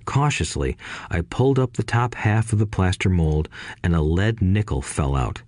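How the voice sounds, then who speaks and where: Deep-voiced man narrating a memoir. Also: expressive, moderate pace, darkish tone, no echo, clean studio sound. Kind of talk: first-person audiobook narration.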